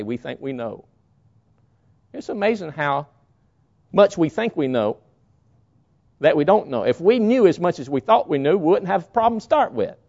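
A man's voice: a little high, creaky, a little mellow. A man preaching a sermon in a folksy, storytelling way. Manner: folksy storytelling, acts out quoted voices. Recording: dull lo-fi recording.

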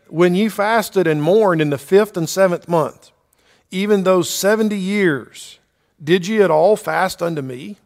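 A man's voice: on the high side, long reverb tail. A man teaching a Bible lesson verse by verse, asking his listeners questions and checking in with "okay" often.

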